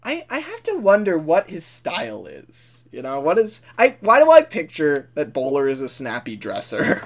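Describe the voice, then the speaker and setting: A man co-hosting a podcast in casual chat, acting out characters in quick bits. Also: on the high side, wildly swooping pitch, vocal fry. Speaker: podcast co-host.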